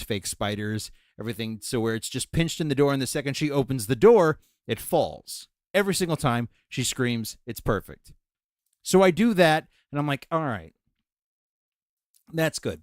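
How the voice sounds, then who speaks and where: A male podcast co-host telling a story with a lively, swooping voice and plenty of swearing. The sound is close and dry, with no room around it. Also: mid-range voice, dry recording. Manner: animated, profane, laughing storyteller. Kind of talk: casual chat, storytelling.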